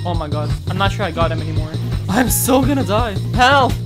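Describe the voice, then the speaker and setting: A young man hosting a gaming channel, giving excitable gameplay commentary, exclaiming and taunting his opponents. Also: high voice, quick pace, music in the background.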